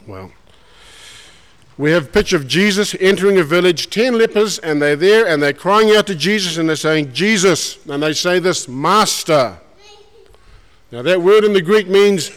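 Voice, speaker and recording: A man preaching a sermon, folksy and animated, putting questions to the congregation. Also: a little high, normal speed. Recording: long hall reverb.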